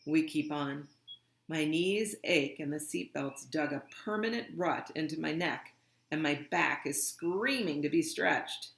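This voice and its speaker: A storybook reader takes the chapter slowly and deliberately, letting each line settle. The voice sits mid-range. The room gives it a roomy, echoey ring. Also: medium pitch, a bit bright. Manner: slow, deliberate read-aloud. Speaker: audiobook reader. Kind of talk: reading a children's novel aloud.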